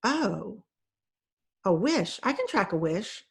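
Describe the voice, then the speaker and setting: An eager, simple-minded stray dog, earnest and plain-spoken in short, eager sentences, as a woman reads him aloud in a storybook reading. His voice sits at a middling pitch. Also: big pitch swings, takes it slowly, vocal fry, exaggerated voice.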